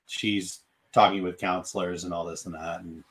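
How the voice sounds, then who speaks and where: A middle-aged man with a fairly low voice, making blunt, wry remarks in a casual podcast chat. He talks plainly and to the point. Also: little pitch movement, normal speed, a bit bright. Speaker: podcast co-host.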